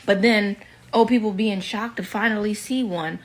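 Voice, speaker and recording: Woman, casual social-media commentary, blunt reasoning-aloud tone, medium pitch. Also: steady tone, normal speed.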